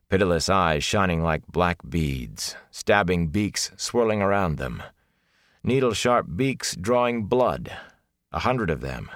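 A man narrating a fantasy audiobook in a steady, measured storytelling voice. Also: low voice, no room sound, studio quality.

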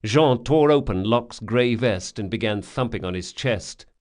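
A man reading a fantasy audiobook in steady, measured scripted narration. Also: lowish voice.

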